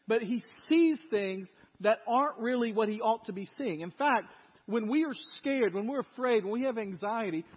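A male pastor with a high-pitched, breathy-edged voice preaches in an animated storytelling style, acting out people's voices. It's recorded in a church, with an echoey, dull lo-fi sound.

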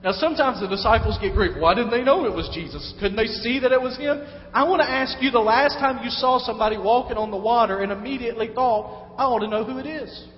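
A man's voice: very high-pitched, fast talker. A man preaching a sermon in a conversational way, now and then acting out the voices of people he quotes. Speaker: pastor. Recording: echoey hall, dull lo-fi sound.

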